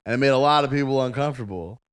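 A man co-hosting a podcast, talking in a laid-back way with deadpan asides. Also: medium pitch, racing, clear, resonant tone. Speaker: podcast co-host. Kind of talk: casual chat.

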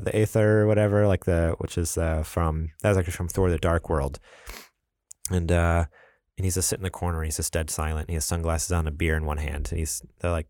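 A man's voice: low-pitched, no echo, clean studio sound. A man co-hosting a podcast, chatting casually and acting out scenes as he recaps them. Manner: animated storyteller, acts out scenes with quick asides. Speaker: podcast co-host. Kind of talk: casual chat.

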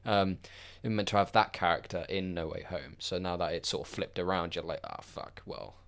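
A man's voice: deep voice, steady tone, a little fast, a bit bright. A man co-hosting a casual chat, tired and yawning, trailing off and restarting as he talks. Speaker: podcast co-host.

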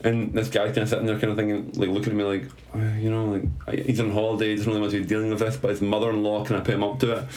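A man's voice: on the low side, completely flat delivery, very fast, few pauses, a little mellow. A man telling a story in a casual chat, swearing, laughing and mocking himself. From Scotland.

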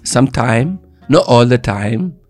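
A man's voice: medium pitch, animated, measured pace, faint music behind. A man hosting a casual chat show, playful and joking, fond of trying silly accents. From expat living in Dubai. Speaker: show host.

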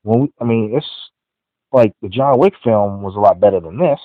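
A man's voice: fairly low pitch, moderate pace, no echo. A man hosting a podcast, giving a casual, rambling movie review full of "you know" fillers. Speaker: podcast host. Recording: dry, phone-like audio.

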